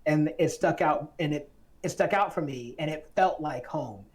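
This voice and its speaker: A woman's voice: deep voice, moderate pace. A woman from Atlanta, hosting a casual film discussion podcast in a playful, chatty way. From Atlanta, Georgia. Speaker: podcast host.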